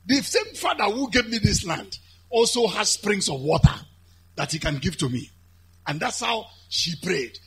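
A man with a Nigerian accent preaching a lively sermon, building to shouted, chanted high points. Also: vocal fry, husky. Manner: animated, shouting and chanting at peaks.

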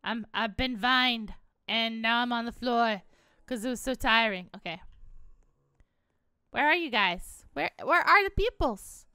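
A woman's voice: fairly high pitch, lively intonation, a little slow, long pauses, pushed and bright, clean tone, no room sound, studio quality. A woman hosting a gaming video, giving chatty, playful let's-play commentary at a desktop mic and giggling often.

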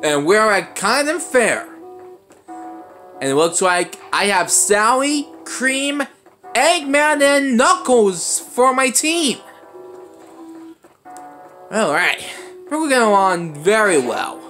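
A young man giving let's play commentary, excitable and often breaking into panicked high shouts. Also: slow pace, pauses often, faint music behind. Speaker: gaming channel host.

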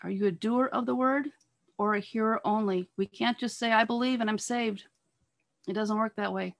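A woman giving an earnest sermon over a video call, pressing her listeners with repeated rhetorical questions and halting now and then on fillers and restarts. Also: a little high, fairly even intonation, gravelly. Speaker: speaker at a church talk on marriage.

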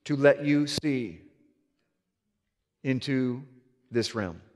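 A man voicing God the Father in a slow, low, hushed voice, in a hall with long reverb. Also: lively intonation. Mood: solemn, hushed. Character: God the Father, a deep, hushed, solemn male voice.

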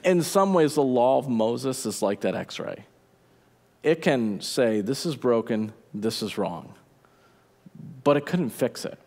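Animated storytelling male pastor, gravelly. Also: mid-range voice, slow. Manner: animated storytelling, laughs at himself. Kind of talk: sermon. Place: church auditorium. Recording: church hall reverb.

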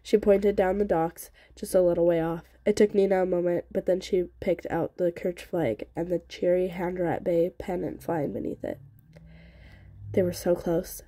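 Lady reading a novel out loud, mellow soft voice, steady and expressive, dry close sound. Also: fairly low pitch, moderate pace, no echo. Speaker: audiobook reader.

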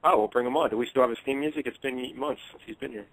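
Fast-talking man with dry teasing banter. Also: medium pitch, low-quality recording. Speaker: co-host. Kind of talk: casual comedic chat.

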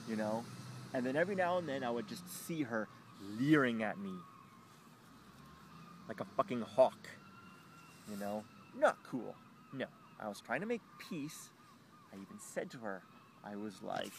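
A man telling a rambling, profane story about a neighbour dispute, halting and full of fillers, with high squeaky voices for the other people in it. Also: lively intonation, slight background noise.

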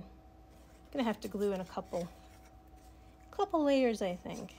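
A middle-aged woman guides an art lesson from her home studio in a gentle, unhurried storytelling voice. She often drops to a soft whisper as she works. Her pitch sits in a middling range, with faint background noise. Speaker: art teacher. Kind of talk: art tutorial narration.

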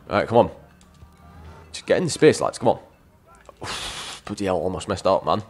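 A man giving chatty let's-play game commentary, addressing viewers as lads and breaking into frustrated shouts at the game. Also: fairly low pitch, very animated, fairly quick, pauses often, faint music behind. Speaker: gaming YouTuber.

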